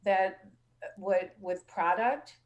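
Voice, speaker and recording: A woman's voice: mid-range voice, takes it slowly, dull audio. A woman hosting a casual call-in show, telling stories in a chatty way and acting out what others said. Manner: chatty storytelling, acts out quoted dialogue. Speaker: show host.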